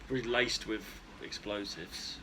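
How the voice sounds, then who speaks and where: A man's voice: fairly low pitch, normal speed. A man from East Anglia co-hosting a podcast, rambling through crude, jokey banter. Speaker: podcast co-host. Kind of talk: casual chat. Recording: background noise.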